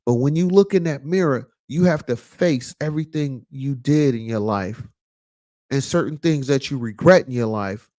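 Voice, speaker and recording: Warm in tone and medium in pitch, this vlog host speaks at normal speed through a loose, preachy commentary. He drops in plenty of fillers and keeps repeating lines to drive his points home.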